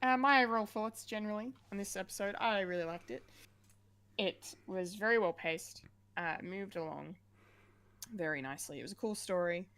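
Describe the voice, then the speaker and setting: A woman co-hosting a casual pop-culture podcast, chatty and quick to laugh, with lots of fillers. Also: medium pitch, fairly bright tone, clean tone. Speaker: podcast co-host.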